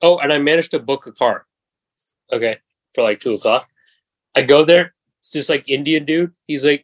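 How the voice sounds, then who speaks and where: A man's voice: a little high, moderate pace, pauses often, no room sound, low-quality recording. Profane young man telling a story. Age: 20s. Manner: profane, animated anecdote telling. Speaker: podcast host. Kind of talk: casual storytelling chat.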